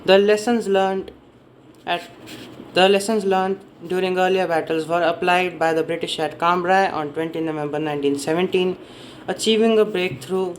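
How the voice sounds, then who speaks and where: A man's voice: high-pitched, fairly even intonation, normal speed, slight background noise, low-quality recording. A man giving a casual spoken summary of a history book, rambling and often correcting himself as he stumbles over names and dates. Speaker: book reviewer.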